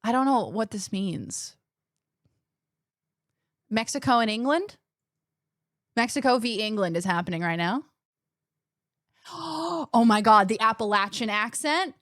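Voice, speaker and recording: A young woman streaming a game, chatting with her viewers in quick, casual asides. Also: fairly high pitch, expressive, fairly bright tone, no echo, studio quality. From Australia. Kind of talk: casual chat while gaming.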